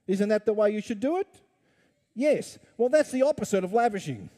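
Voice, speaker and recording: A man's voice: high voice, expressive, quick pace, warm tone. A middle-aged man, preaching a conversational sermon full of rhetorical questions and playful asides. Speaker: pastor.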